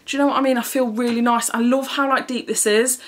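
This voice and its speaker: A woman's voice: a little high, fairly even intonation, fast. A woman chatting frankly through a clothing try-on haul, swearing freely and often slightly out of breath. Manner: chatty, frank and swearing, with frequent "do you know what I mean". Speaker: fashion vlogger.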